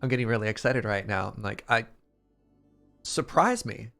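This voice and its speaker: Excitable man telling a story over faint music. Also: fairly low pitch, creaky. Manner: animated, excitable storyteller, quick quoted asides. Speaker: streamer. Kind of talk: casual storytelling.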